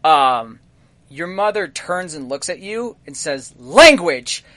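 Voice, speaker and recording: Male game master, slightly high voice, dry close sound, laid-back narration. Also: slow, dry recording. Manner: relaxed, filler-heavy narration.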